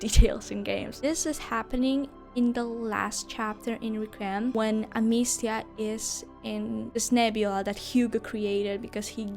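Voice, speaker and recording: Young woman gushing over a game, kinda high voice, swears and laughs a lot. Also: darkish tone. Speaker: game reviewer. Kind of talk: casual video review.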